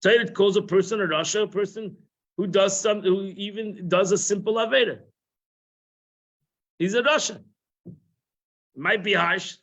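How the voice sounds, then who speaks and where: High-voiced man teaching a Torah class. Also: normal speed, long pauses, a bit bright. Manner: conversational, repeats phrases, sprinkles Hebrew and Yiddish terms. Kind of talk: informal religious lesson. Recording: muffled live-stream audio.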